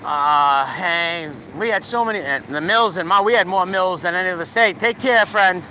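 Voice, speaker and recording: A middle-aged Providence man with a Rhode Island accent speaks in a high, pushed, bright voice at normal speed. He walks his dog on a city street with passing cars, chatting casually with livestream viewers and rambling profanely between greetings and rants. Faint street traffic can be heard.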